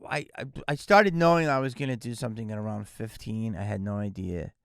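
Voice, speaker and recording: Man in his fifties, podcast guest; gravelly voice, acts out every quote he tells. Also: lowish voice, a little fast, no echo, clean studio sound. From Philadelphia area, USA. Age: 50s. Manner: animated, acts out quoted dialogue. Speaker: guest actor. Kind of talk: casual podcast storytelling.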